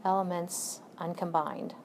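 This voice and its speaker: A woman's voice: on the low side, fairly even intonation, unhurried, a little mellow, slight background noise. A woman teaching chemistry in a recorded lecture, chatty and self-correcting, with joking asides to her students. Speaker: chemistry instructor.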